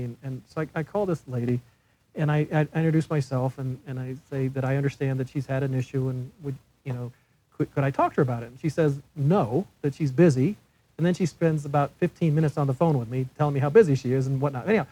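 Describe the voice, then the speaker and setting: An older man speaking on a panel, telling a workplace story in a halting way, often repeating words and acting out quoted lines. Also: medium pitch, dark tone, poor audio. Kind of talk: casual anecdote on a panel.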